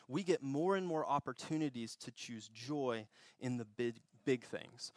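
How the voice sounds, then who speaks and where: Preaching a sermon at church, a young pastor tells stories in an easy manner, chuckling at himself and starting phrases over. His voice sits at an ordinary middle pitch, and the sound is dry and close with no room tone.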